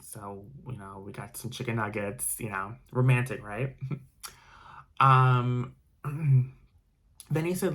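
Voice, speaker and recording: A man's voice: medium pitch, normal speed, long pauses, a bit bright. A man telling a personal story in a casual vlog, rambling with frequent restarts and fillers. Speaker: vlogger.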